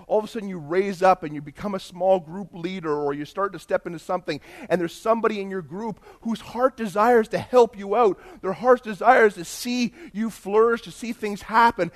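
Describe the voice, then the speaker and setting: A male pastor telling a story in a sermon, animated and emphatic, acting out the dialogue. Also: high voice.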